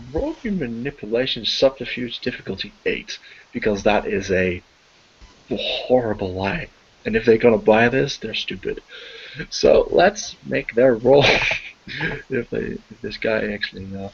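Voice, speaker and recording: A man with a low, gravelly voice narrates as game master of a tabletop game. He talks in a hesitant, rambling way with many fillers, a little husky. The audio is dull and lo-fi. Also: animated, normal speed.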